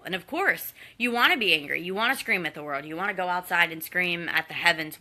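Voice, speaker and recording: Woman, 30s, somewhat low-pitched, very bright edge, earnest and encouraging live talk. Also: a little fast, hardly any pauses. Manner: earnest, encouraging, conversational with fillers. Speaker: guest speaker in a live Q&A. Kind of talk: candid personal talk to a community.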